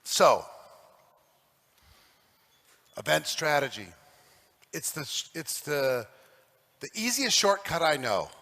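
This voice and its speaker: A man giving an emphatic, preachy stage talk to a live audience as a motivational speaker, at times rising to shouts. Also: on the high side. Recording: echoey hall recording.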